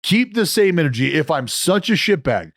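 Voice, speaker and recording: A man's voice: fairly high pitch, big pitch swings, normal speed, vocal fry, fairly bright tone, no echo, clean studio sound. A man co-hosting a sports podcast from a remote call, ranting emphatically in casual chat. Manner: heated, emphatic rants acting out a player. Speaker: podcast co-host.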